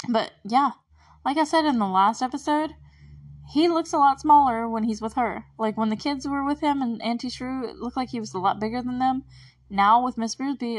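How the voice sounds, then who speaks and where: A woman's voice: fairly high pitch, no room sound, far from the mic. A young woman hosting a podcast, recapping a movie in a rambling, chatty way with frequent laughs and puzzled asides. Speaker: podcast host.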